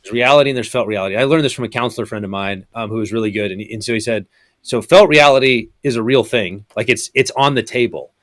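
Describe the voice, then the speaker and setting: Pastor-professor guest, mid-pitched man, talks things through in steps. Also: fast, fairly bright tone, no room sound, studio quality. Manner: thoughtful, explains in steps with many ums. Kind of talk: casual podcast conversation.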